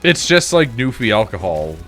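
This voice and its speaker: A man's voice: on the low side, big pitch swings, normal speed, a bit bright, faint music behind. A Canadian man rambling casually while gaming, swearing freely and filling his talk with "like". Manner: rambling, profane, heavy on fillers. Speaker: gaming streamer.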